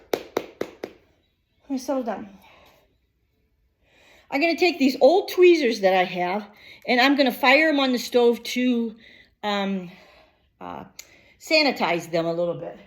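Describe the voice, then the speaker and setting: A woman's voice: fairly high pitch, expressive, normal speed, echoey room, distant mic. A woman talking casually at home while working out and then doing a kitchen project, rambling with many ums and a bit out of breath. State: out of breath after exercise. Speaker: lifestyle vlogger.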